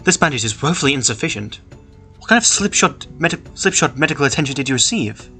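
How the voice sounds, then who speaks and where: A fussy, motherly female troll who gently chides, as a man reads her lines aloud. The voice is bright and forward, with faint music in the background. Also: mid-range voice, animated, quick pace. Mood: chiding. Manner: chiding, gently scolding.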